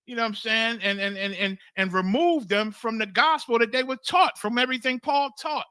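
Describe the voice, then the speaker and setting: A man leads a streamed scripture class in a high, intensely bright voice. His delivery is blunt and emphatic, laced with profanity, and he circles back over phrases to drive them home. The sound is close and completely dry. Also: fairly quick, clean tone, no room sound. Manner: emphatic, blunt, swears freely, keeps asking "you understand?"; repeats and restarts phrases for emphasis. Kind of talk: streamed scripture teaching, sermon-like.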